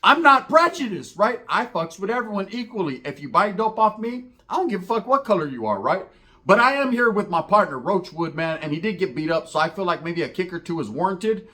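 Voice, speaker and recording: Speaking a little fast in a high-pitched voice, a man tells a profane, comedic street story. He's animated and slangy, acting out the voices of the people involved.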